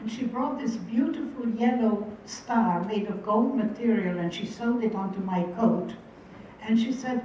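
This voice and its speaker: A woman's voice: medium pitch, warm tone, slight background noise. Older Hungarian-born woman telling her story, echoey hall. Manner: wry, vivid storyteller who quotes voices. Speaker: Holocaust survivor speaker. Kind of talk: personal storytelling talk. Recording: distant, dull, very echoey hall.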